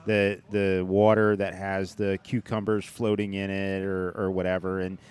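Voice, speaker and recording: A man's voice: low voice, little pitch movement, normal speed, darkish tone, clean tone. A man co-hosting a podcast in casual chat, rambling with frequent restarts and dry jokes. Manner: joking, sarcastic. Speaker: podcast co-host.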